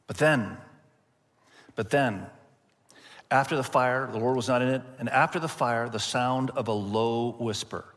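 A male pastor preaching a sermon, expressive and slowing down to stress key points. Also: mid-range voice, long reverb tail. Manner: expressive, slows down for emphasis.

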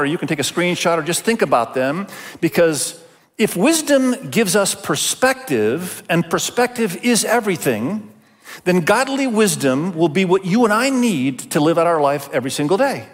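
A man's voice: sits high, sing-song, moderate pace. Man preaching in a reverberant hall. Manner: conversational, addresses listeners directly. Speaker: pastor. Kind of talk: sermon.

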